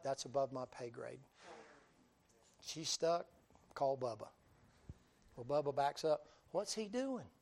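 A man preaching a storytelling sermon, folksy and animated, acting out voices and breaking into sudden loud bursts. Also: on the high side.

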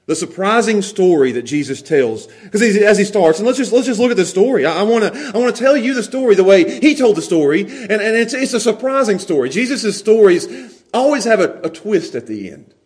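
Animated high-voiced preacher. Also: male voice, a little fast. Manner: animated, laughing, repeats words as he goes. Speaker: pastor. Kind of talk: sermon.

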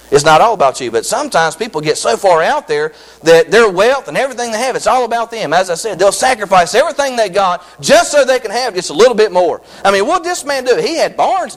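A pastor preaching with rising excitement, his voice pitched high and swinging widely. He repeats himself and restarts lines as he drives his points home. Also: poor audio. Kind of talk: sermon.

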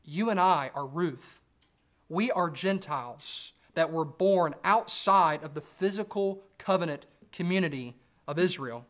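A man delivers a measured expository sermon, lifting his voice to press a point. His voice sits a little high for a man. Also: fairly bright tone. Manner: measured expository preaching, rising for emphasis. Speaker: preacher.

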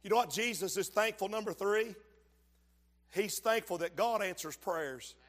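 Male preacher, high voice, fervent sermon full of shouts and asides, long church reverb. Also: moderate pace. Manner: fervent preaching, swells to shouts and drops low, calls to the congregation. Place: church sanctuary.

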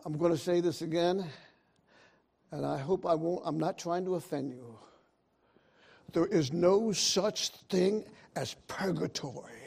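Guy preaching a sermon, kinda high voice, takes his time, gets loud on the big points. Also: measured pace, vocal fry, pauses often, husky. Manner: call-and-response preaching, bursts of loud emphasis.

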